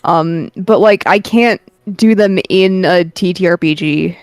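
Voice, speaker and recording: A woman streamer speaks slowly and rambles in a relaxed way, with a few ums and casual swearing. Her voice is close and dry. Faint music plays underneath. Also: fairly low pitch, clear, resonant tone, dry recording. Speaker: streamer, artist. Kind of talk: casual chat while drawing.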